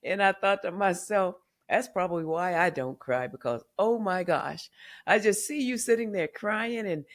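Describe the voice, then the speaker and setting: An older Southern American woman, a memoir author appearing on a podcast, candidly tells family stories and acts out her relatives' words. She speaks at a normal speed with a medium-pitched voice.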